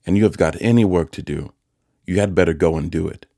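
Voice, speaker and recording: A man's voice: low voice, fairly quick, warm tone. A man voicing a scolding stern sister. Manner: curt and scolding. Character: sharp-tongued scolding older sister, stern woman.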